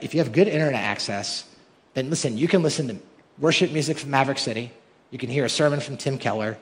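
A male pastor preaching a sermon with rhetorical questions that build to emphatic peaks. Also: on the high side. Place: large church hall. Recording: long hall reverb.

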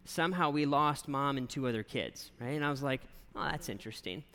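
Pastor with a bright voice in a reverberant hall. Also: male voice, medium pitch, fairly quick, smooth. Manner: animated storyteller, conversational, keeps asking "right?". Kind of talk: sermon with a personal story. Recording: long reverb of a large hall.

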